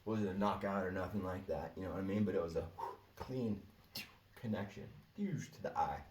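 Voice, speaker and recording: A man's voice: deep voice, moderate pace, a little mellow, far from the mic, a little hiss or hum. A man telling stories in a laid-back, slangy way and laughing often. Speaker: storyteller. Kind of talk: casual storytelling monologue. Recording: echoey room, off-mic, faint ambience.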